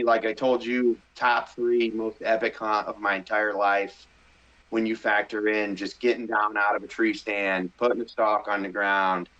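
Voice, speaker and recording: Excitable man telling a story. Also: on the low side, lo-fi sound. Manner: animated, excitable, acts out his own inner voice. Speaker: podcast guest, hunter. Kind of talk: casual storytelling.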